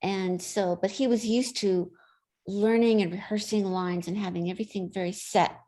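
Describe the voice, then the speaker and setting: A woman's voice: mid-range voice, steady tone, normal speed, dark tone. A woman guest in an interview, chatting and telling stories in an easy way. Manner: chatty anecdotal storyteller. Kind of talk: casual interview storytelling.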